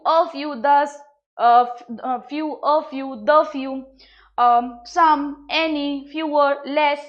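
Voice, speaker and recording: A woman's voice: high-pitched, fairly bright tone, lo-fi sound. A woman with an Indian English accent teaching English grammar, explaining patiently and repeating each point with examples. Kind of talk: classroom grammar lesson.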